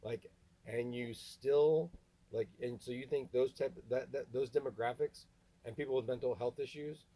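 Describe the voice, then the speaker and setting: A man delivering an angry, halting rant to camera, full of restarts and swearing. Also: medium pitch, fairly even intonation, mellow, poor audio. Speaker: vlogger. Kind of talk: ranting monologue to camera.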